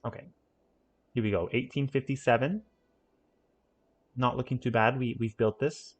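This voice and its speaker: A man's voice: mid-range voice, steady tone, moderate pace. Rambling man narrating a city-builder game. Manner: rambling, self-correcting, playful asides. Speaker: gaming channel host. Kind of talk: casual let's-play commentary.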